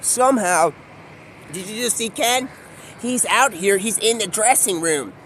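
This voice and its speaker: A man's voice: high voice, a little slow, a bit bright, a little hiss or hum. Rambling man live-streaming on the street. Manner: rambling, free-associating, jumps between topics. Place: outdoors on a city street.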